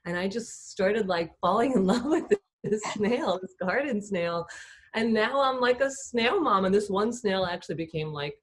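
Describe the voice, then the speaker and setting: A woman's voice: mid-range voice, expressive, normal speed. A woman taking part in an online talk chats in a light, chatty way with lots of fillers, over a video call. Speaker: webinar participant. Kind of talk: casual chat.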